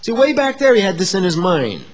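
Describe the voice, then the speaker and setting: A man preaching a sermon in a high, lively voice that jumps across a wide range. He drops to a hush and then climbs to emphatic declarations. His words ring out with a long echo in a big sanctuary. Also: brisk. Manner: dynamic preaching, swings from hushed to emphatic. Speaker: pastor.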